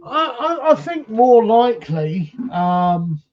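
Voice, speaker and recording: A man's voice: extremely high pitch, sing-song, takes it slowly, lo-fi sound. Man telling a ghost story. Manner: retells a story with many "he says" and acted quotes. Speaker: paranormal investigator. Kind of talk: casual storytelling chat.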